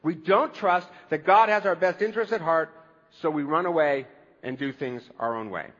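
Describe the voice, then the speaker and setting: A man's voice: fairly high pitch, normal speed, a bit bright, big-room sound, lo-fi sound. A man preaching a conversational sermon as a pastor, with wry humor.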